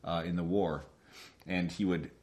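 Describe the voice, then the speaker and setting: A man's voice: low voice, unhurried. A man co-hosting a podcast, chatting casually about a movie and acting out its lines with animation. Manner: animated, acts out lines from the film. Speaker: podcast co-host.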